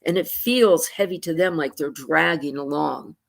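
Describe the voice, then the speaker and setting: A woman psychotherapist explaining moods in a relaxed conversation, acting out her clients' thoughts with sighs and quick asides over a video call. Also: sits low, vocal fry. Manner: animated, acts out clients' inner voices with sighs. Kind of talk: conversational explanation with acted-out examples.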